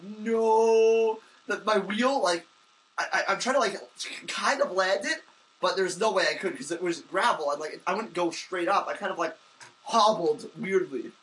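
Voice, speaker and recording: A young man co-hosting a podcast, telling a story in casual chat with excitable rambling and many restarts. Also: fairly high pitch, distant mic, poor audio. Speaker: podcast co-host.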